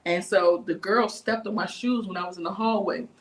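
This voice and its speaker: Animated, profane D.C. woman. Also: medium pitch, moderate pace, a little hiss or hum. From Washington, D.C. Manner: animated, profane, acts out quotes. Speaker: livestream host. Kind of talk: casual livestream chat, storytelling.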